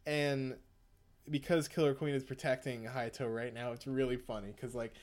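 Relaxed man recapping casually. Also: mid-range voice, normal speed. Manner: rambling, swearing, laughs often. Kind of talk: casual chat, retelling an anime episode.

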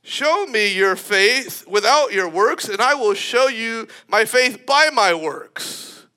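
A man preaching a sermon in an animated, emphatic way, often breaking into laughter. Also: high voice, takes it slowly.

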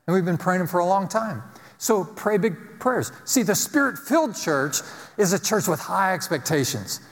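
A man delivers a sermon in an emphatic preaching style, hammering phrases home through repetition. His voice sits a little high for a man. The sound carries the long reverb of a large hall. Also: lively intonation, normal speed. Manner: emphatic preaching with repeated phrases, ending in a quieter prayer. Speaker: pastor.

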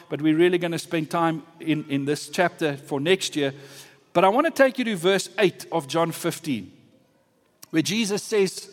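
Earnest man preaching in a reverberant hall. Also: sits high. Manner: earnest, emphatic preaching with varied pace. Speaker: pastor. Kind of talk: sermon.

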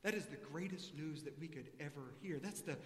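Preaching a sermon at a fairly quick pace, a male pastor's fairly high voice swings from lively stories to quiet earnestness. A little hiss or hum sits under the long, roomy echo of the big church hall.

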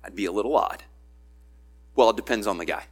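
A man's voice: on the low side, fairly quick. A man preaching a sermon in a conversational way, acting out the voices he quotes. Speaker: pastor.

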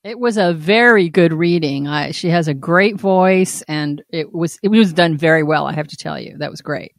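Woman podcast co-host, teasing and quick to laugh, dry close sound. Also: sits low, no room sound. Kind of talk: casual chat. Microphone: home laptop recording.

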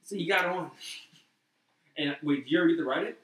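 A man's voice: a little high, a little fast. A young man chatting casually and acting out quotes as he tells stories, recorded in a roomy space. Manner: animated storyteller, acts out quotes. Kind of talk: casual chat. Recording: roomy, from far off the mic.

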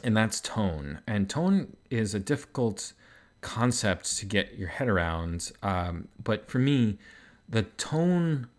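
A man hosting a podcast, explaining ideas in a relaxed, conversational way with frequent fillers. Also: fairly low pitch, takes it slowly. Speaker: podcast host. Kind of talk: casual explanatory podcast talk.

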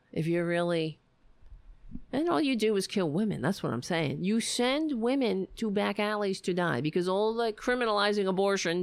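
A woman rants about politics in a slow, deliberate way, heavy with sarcasm and swearing. She drifts into muttered asides as she goes. Her voice is close and dry, with no room sound. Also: medium pitch, no room sound. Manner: profane, sarcastic, muttering asides while searching. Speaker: political commentator. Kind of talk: angry political rant.

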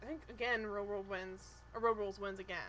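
A woman's voice: mid-range voice, fairly even intonation, quick pace, a crowd in the background, low-quality recording. A woman co-hosting a podcast, chatting casually and animatedly as she recaps a show, swearing and mimicking people. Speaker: podcast co-host.

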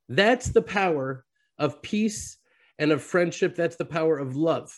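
This is a male Bible teacher speaking over a video call, with a voice that sits a little high for a man. He tells stories with feeling and drops Hebrew words into his teaching. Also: a little slow. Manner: storytelling, weaving in Hebrew terms. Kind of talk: sermon to an online fellowship.

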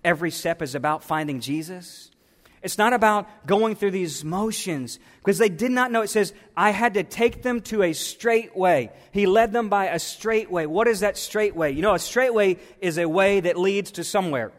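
A man preaching a sermon as pastor, swinging between soft, drawn-out phrases and emphatic, raised lines. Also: high-pitched, long reverb tail.

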